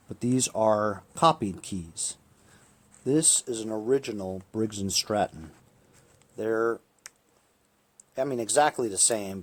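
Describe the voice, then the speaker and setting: This small-engine repair vlogger has a lowish voice, and the recording carries a bit of hiss or hum. He works on a lawn tractor engine while chatting casually to viewers, explaining the repair step by step as a relaxed, hands-on demo.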